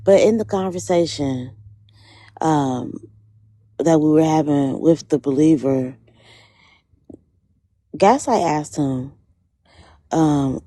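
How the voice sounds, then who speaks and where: A woman talking in a relaxed, expressive way on a casual livestream. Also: low-pitched, slow, long pauses, dry recording, studio quality.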